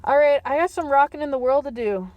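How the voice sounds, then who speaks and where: A woman vlogger talking to her viewers in a meandering, playful monologue full of slang, drifting between calm and loud. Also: high-pitched, fast, muffled recording, very noisy. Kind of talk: rambling stream-of-consciousness monologue.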